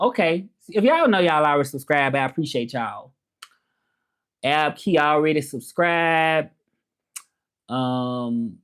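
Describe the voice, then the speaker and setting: A man's voice: a little high, fairly bright tone. Chatty man live-streaming to viewers. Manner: rambling, chatty, greets viewers by name and tries out French phrases. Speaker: livestreamer.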